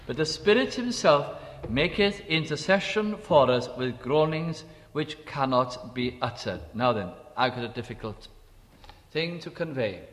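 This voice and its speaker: A man preaching a sermon, slow and emphatic, repeating key phrases and dropping to quiet asides. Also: mid-range voice, expressive, long reverb tail.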